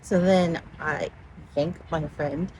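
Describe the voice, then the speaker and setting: A woman's voice: low voice, fairly even intonation, slow, a little mellow. A woman casually telling a story outdoors near water, rambling and giggling and often distracted. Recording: noisy outdoor recording.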